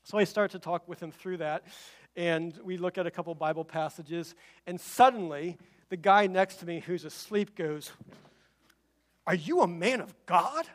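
A man's voice: sits high, normal speed. A male pastor preaching a sermon, telling a personal story and acting out the voices of the people in it, then urging his listeners. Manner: animated storytelling, acts out quoted voices; rising to emphatic exhortation.

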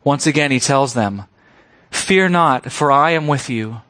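A man's voice: mid-range voice, lively intonation, measured pace, pushed and bright, no room sound. A man preaching a sermon, explaining a scripture passage with emphasis and rhetorical questions. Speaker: pastor.

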